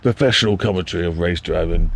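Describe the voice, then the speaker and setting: A man streaming a racing game, chatting excitably and reacting to every turn of the race. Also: low voice, quick pace, gravelly. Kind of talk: live racing game commentary. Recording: loud game car noise underneath. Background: loud racing car engine noise.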